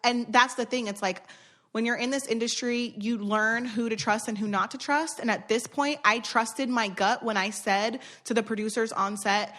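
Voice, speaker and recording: A woman's voice: a little high, steady tone, normal speed, a bit bright. A woman co-hosting a podcast, talking earnestly in casual chat and repeating phrases to make her point. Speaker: podcast co-host.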